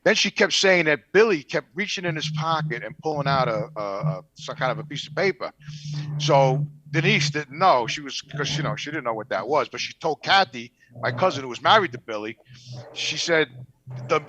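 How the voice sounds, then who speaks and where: A man's voice: on the high side, animated, brisk, sharp tone, muffled recording. A man telling a personal story in casual chat, earnest and a bit profane.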